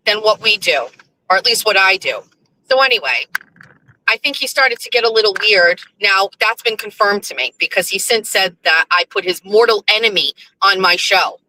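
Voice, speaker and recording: A woman hosting her own show, delivering a profane, ranting monologue that swings from low muttering to high indignation. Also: bright, forceful tone, rough recording. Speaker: host. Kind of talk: casual monologue on a livestream show.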